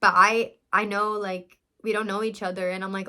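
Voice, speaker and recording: A young woman, a vlogger who also runs a business, speaks to her camera in a casual, heartfelt way. Her mid-range voice has a sharp tone, moves little in pitch, and keeps a normal speed. She talks earnestly and emotionally to her viewers, rambling and restarting as she goes.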